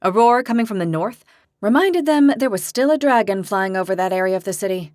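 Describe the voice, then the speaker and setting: A woman reads a fantasy audiobook in a steady, measured way, her mid-range voice captured in a dry, clean studio recording. It is scripted narration.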